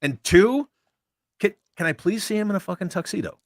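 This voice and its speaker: A man's voice: sits high, expressive, brisk, no room sound, clean studio sound. A man co-hosting a casual livestream, chatting loosely with a lot of swearing and reading out chat comments. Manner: laid-back, profane, riffing.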